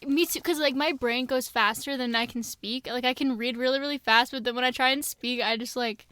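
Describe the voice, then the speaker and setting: A woman's voice: sits high, steady tone, brisk, bright, forceful tone, smooth, no echo. A woman co-hosting a podcast, chatting casually and cracking jokes with a giggle. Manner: jokey, giggly banter. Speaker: podcast co-host. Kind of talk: casual chat. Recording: noisy background.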